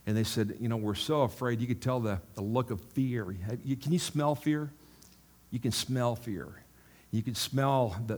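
A male pastor preaching in a loose, conversational storytelling style, rambling through anecdotes and checking in with his listeners. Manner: bursts louder on punchlines, drops low on asides.

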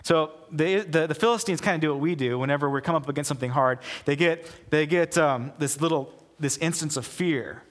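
A man preaching a casual sermon as pastor, telling the story in an animated way and acting out the people in it. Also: fairly high pitch, brisk, hardly any pauses. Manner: animated storytelling, acts out quoted voices. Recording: long hall reverb.

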